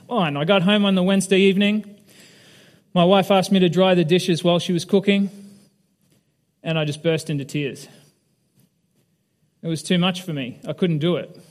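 A male pastor giving a candid, conversational sermon in a church hall and putting questions to his audience. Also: on the high side. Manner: candid, self-deprecating, asks the audience questions. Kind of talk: conversational sermon with personal story. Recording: long reverb of a large hall.

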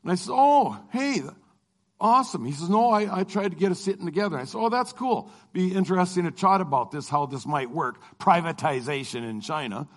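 A man's voice: on the high side, fast talker, hardly any pauses. A middle-aged man, a Christian lecturer, telling a personal travel story and acting out the dialogue. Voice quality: animated, acts out dialogue. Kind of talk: storytelling testimony.

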